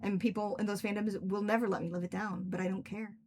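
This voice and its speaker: A woman's voice: mid-range voice, flat delivery, fast, darkish tone, a little hiss or hum. A young woman, an author, chatting casually and rambling on a livestream, laughing often. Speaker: author and streamer.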